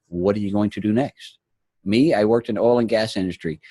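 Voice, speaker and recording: A man in his forties hosts a morning motivation show, upbeat and encouraging. His voice is very deep. The sound is dry and close, with no room in it. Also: a little fast, warm tone, breathy edge, no echo. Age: 40s. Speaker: host. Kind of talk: motivational talk.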